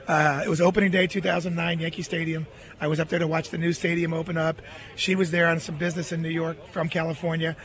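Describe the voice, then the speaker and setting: A middle-aged man, an interview guest, telling a long personal story in an earnest, animated way. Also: a little high, fast.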